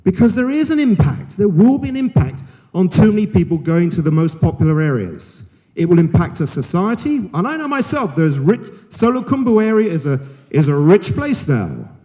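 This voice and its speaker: A man's voice: high voice, sing-song, moderate pace, dark tone. A middle-aged man giving a frank, emphatic keynote speech to a conference audience, joking and speaking bluntly to them. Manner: frank, jokey and emphatic, talks straight to the audience. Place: large conference hall. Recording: hall reverb.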